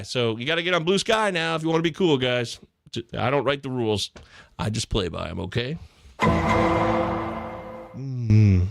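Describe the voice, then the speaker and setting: A man hosting a live fantasy football chat in a jokey, excitable way, jumping from loud bursts to muttered asides. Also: fairly high pitch, vocal fry, no room sound, clean studio sound. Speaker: podcast host.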